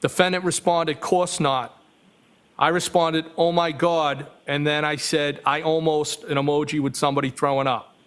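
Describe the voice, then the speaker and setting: Male courtroom witness, higher voice, even reading pace, plain and careful delivery. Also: clear, resonant tone. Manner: flat, measured reading with small self-corrections. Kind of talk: courtroom testimony, reading texts aloud.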